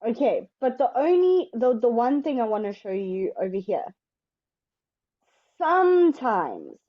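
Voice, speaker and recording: A woman teaching English in an online lesson, explaining step by step in a patient, slow way. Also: fairly high pitch, big pitch swings, highs cut off.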